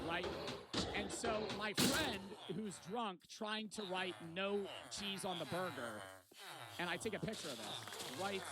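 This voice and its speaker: A young man telling a rowdy travel story in casual, profane storytime style. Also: high voice. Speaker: vlogger. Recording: noticeable background noise.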